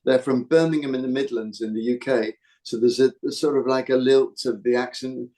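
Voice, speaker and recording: A man's voice: mid-range voice, brisk, few pauses, warm tone. A man from the UK hosting a podcast, chatting casually and rambling with frequent restarts. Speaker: podcast host. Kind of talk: casual chat.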